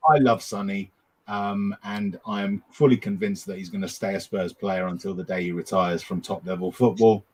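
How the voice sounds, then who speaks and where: A husky, low-voiced man chatting as a podcast guest. He talks bluntly and swears freely. He often restarts his sentences mid-thought. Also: fairly even intonation, moderate pace. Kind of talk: casual fan podcast chat.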